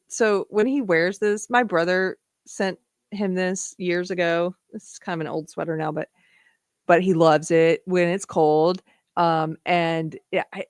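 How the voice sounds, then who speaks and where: A woman from the southern United States hosts a livestream, reading viewer comments, laughing a lot and talking to her dog. Her fairly low voice comes through a dry, studio-quality recording.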